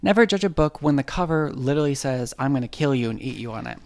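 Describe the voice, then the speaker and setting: A man recapping a horror movie for laughs, his voice gravelly with a creaky edge. He riffs in loose slang and jumps into quick bits where he speaks as the characters. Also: medium pitch, lively intonation. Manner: irreverent, joking, slangy, acts out characters' lines.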